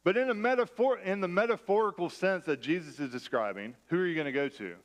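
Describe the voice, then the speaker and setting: A man's voice: high-pitched, fast talker. Conversational man preaching a sermon. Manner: conversational, self-deprecating humor. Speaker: pastor. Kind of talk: sermon with personal storytelling. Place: church.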